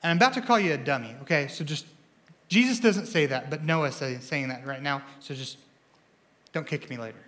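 High-voiced excitable young male preacher. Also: fairly quick. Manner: energetic, excitable, self-interrupting with repeated words. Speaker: student pastor. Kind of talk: sermon. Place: church.

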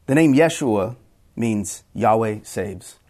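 A man's voice: on the low side, expressive, takes it slowly, darkish tone. A middle-aged man preaching a sermon in an earnest way, often repeating words as he restarts his phrases. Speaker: pastor.

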